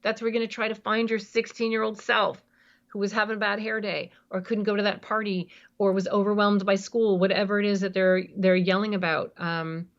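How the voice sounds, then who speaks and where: A woman's voice: mid-range voice, highs cut off. A woman being interviewed as a parenting expert on a podcast, explaining emphatically and acting out examples.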